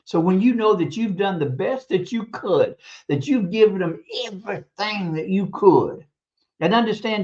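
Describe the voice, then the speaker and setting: This is a stream host with a middle-pitched voice, delivering a preachy, emphatic monologue about raising kids. The speaker repeats words for stress and chuckles now and then. The audio is muffled, like a lo-fi stream capture. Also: a little mellow. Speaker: teacher. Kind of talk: casual advice monologue on parenting.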